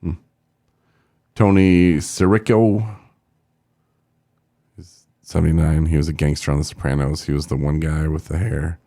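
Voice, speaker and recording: A man's voice: very deep voice, fairly even intonation, a little slow, long pauses, mellow, no room sound, studio quality. A man co-hosting a podcast in casual, rambling chat, joking and trailing off as he goes through a list. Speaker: podcast co-host.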